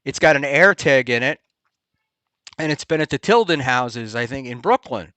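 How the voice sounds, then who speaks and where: A man hosting a casual talk show, rambling and halting with many ums and restarts. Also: medium pitch, animated, bright, forceful tone, no echo. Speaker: podcast host. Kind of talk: casual chat. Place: Hoboken area, New Jersey.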